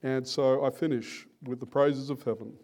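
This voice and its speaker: A man preaching a sermon in an earnest, deliberate and emphatic manner. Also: medium pitch, fairly even intonation, darkish tone.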